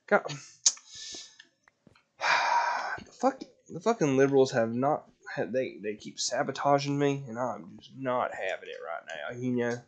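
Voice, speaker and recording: Deep rough-voiced guy grumbling and cussing through a game stream, voice jumps all over, talks to his baby. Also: sing-song, unhurried, muffled recording. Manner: profane, sarcastic, grumbling at the game; talks to his baby son between tasks. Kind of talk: casual gaming live stream chat.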